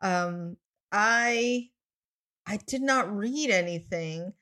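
Woman, podcast co-host, casual chat, mid pitch, halting. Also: pushed and bright. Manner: hesitant, many fillers, laughs easily.

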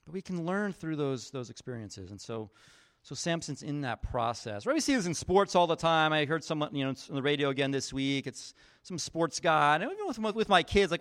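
A man's voice: fairly high pitch, sing-song, fairly quick, a bit bright. A man as a pastor giving a casual, conversational sermon, telling stories and acting out the voices of people in them. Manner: casual storytelling, acts out quoted voices; chatty, leans on fillers like "like" and "you know".

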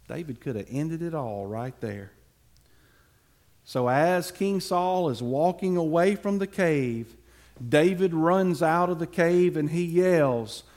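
Animated slow-talking preacher telling a story. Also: male voice, a little high. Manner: playful asides to listeners, dramatic pauses. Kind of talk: animated Bible storytelling for a congregation.

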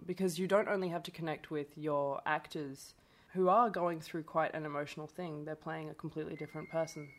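A woman's voice: low voice, fairly even intonation, fairly quick, a little hiss or hum. A woman from Brazil whose first language is Portuguese, a guest chatting casually on a podcast and laughing often.

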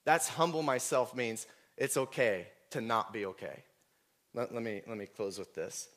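A man preaching a sermon, earnest and emotional, telling personal stories and at times rising almost to a shout. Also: mid-range voice, moderate pace. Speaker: pastor.

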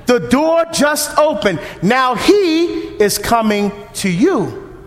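A male deacon preaching at a parish mission in an animated, punchy way, shouting now and then for emphasis, recorded in an echoey church hall. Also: very high-pitched, slow pace, noisy background. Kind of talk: sermon.

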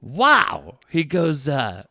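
A middle-aged man telling radio stories in casual chat, animated and profane, laughing often. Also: a little high, extremely slow, gravelly, no room sound, clean studio sound.

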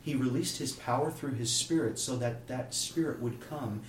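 Man from Kansas City, animated storyteller, mic at a distance in an echoey room. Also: medium pitch, moderate pace. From Kansas City, USA. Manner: animated storyteller, acts out quoted voices. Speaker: guest telling a story. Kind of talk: casual storytelling interview. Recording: roomy, distant mic, faint room noise.

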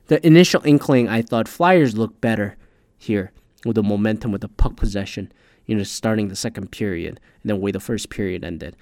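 A man in a casual, profane, self-mocking monologue, dropping to mumbles and then bursting out loud. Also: mid-range voice.

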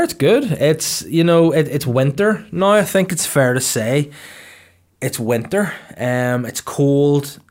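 A man in his thirties hosts a podcast from the studio, chatting loosely from one tangent to the next. He jokes a lot and swears freely, at a middle pitch for a man. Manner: rambling, jokey and sweary. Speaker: podcast host. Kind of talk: casual podcast chat.

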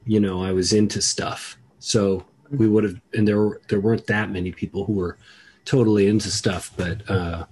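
A man hosting a podcast in a casual, rambling chat, keeping his voice down and trailing off quietly. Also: on the low side, fairly even intonation, normal speed, husky. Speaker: podcast host. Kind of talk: casual conversation.

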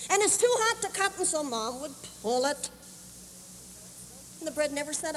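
High-voiced woman preaching in a hall. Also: normal speed, pauses often. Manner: animated storyteller, acts out voices. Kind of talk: sermon illustration storytelling. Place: camp meeting hall. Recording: 1981 camp meeting tape, roomy hall.

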